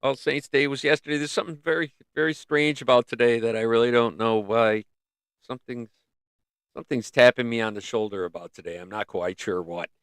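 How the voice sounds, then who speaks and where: A man's voice: medium pitch, a little fast, clear, resonant tone, dry recording. A middle-aged man hosting a livestream in a casual, rambling way, his throat giving out as he talks. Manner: rambling, musing, with many restarts. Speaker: livestream host. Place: in northern North America. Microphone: close mic.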